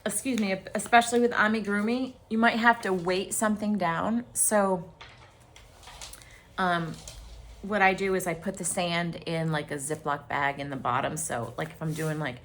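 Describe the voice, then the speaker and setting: Middle-aged woman, lowish voice, chatty crafting vlog at home, faint room hum. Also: normal speed. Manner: chatty, excitable, lots of fillers. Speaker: crochet vlogger. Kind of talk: casual chat to viewers.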